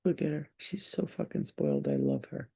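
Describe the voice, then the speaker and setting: Gravelly, profane woman vlogger. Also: sits low, wildly swooping pitch, normal speed, dark tone. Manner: profane, slipping into baby talk. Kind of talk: casual chat.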